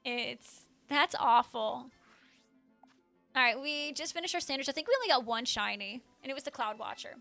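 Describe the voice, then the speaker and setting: A woman's voice: high voice, expressive, moderate pace, vocal fry, pushed and bright, no echo, soft background music. A woman livestreamer casually chatting and answering her chat, full of "like" fillers and bursts of surprise.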